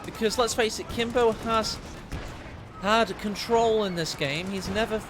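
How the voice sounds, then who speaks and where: A man doing live game commentary, excitable and cheeky, teasing his co-caster. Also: high voice, unhurried, background noise. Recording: loud game battle sounds behind.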